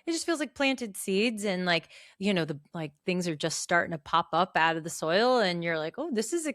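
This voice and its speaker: A woman chatting casually with friends, reflective and halting, acting out quotes in a raised voice. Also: on the low side, animated, a bit bright, no room sound, clean studio sound. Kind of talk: casual chat among friends.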